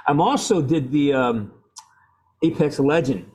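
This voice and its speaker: A man who works as an actor, talking in a casual interview in a rambling, halting way with frequent laughter. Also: mid-range voice, animated, darkish tone. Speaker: actor guest.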